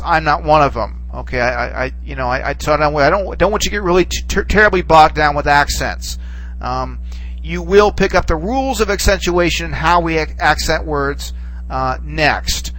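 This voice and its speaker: A man teaching a recorded lesson, relaxed and reassuring, who stops and restarts often and checks in with "okay.". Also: fairly high pitch, poor audio. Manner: halting, full of restarts and "okay"s. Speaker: Greek teacher. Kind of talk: recorded classroom lecture.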